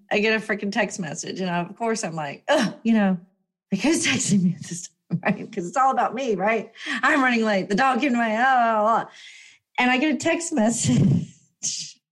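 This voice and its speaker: A woman telling a personal story in a chatty, emphatic way, her voice jumping up when excited. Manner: chatty, animated, emphatic with swings up in pitch. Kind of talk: casual storytelling monologue.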